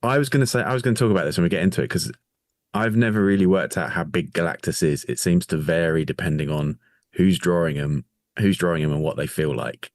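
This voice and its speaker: A man's voice: low voice, quick pace, no room sound, clean studio sound. A man co-hosting a podcast, reading out facts in a nerdy, casual way. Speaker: podcast co-host. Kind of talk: casual chat.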